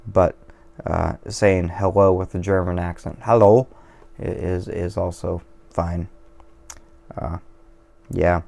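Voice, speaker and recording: A deep-voiced man with a gravelly edge talks straight to camera in a relaxed, wandering monologue. He drifts off on tangents, swears casually and makes fun of himself along the way. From Washington State, USA. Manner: digressive, profane, self-deprecating. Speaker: vlogger. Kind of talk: casual rambling monologue over beer.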